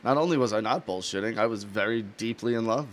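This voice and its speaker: Low-voiced rambling man co-host. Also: fast talker, very noisy. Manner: rambling, full of "you know what I mean". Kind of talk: casual couple podcast chat.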